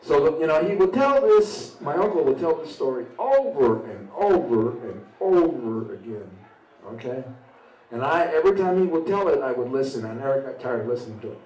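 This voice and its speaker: A man in his sixties, a veteran telling a personal story at an open mic in a halting, conversational way with frequent "you know" tags. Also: on the high side, sing-song, a little mellow. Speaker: veteran speaker. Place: open mic at a small venue. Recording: roomy sound from a distant mic.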